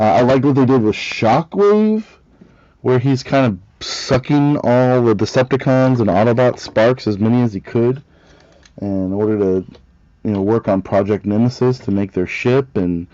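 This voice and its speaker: A man's voice: medium pitch, a little mellow, dry recording. A man giving a casual review, talking as a rambling, enthusiastic fan who often restarts his sentences. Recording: dull lo-fi recording.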